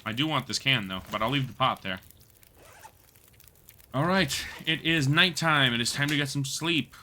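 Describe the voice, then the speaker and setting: A man's voice: mid-range voice, moderate pace, a little hiss or hum. A young man streaming a survival game, talking casually, swearing, laughing and reading chat aloud. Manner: animated, laughing, swears a lot, slangy. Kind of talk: casual gameplay commentary.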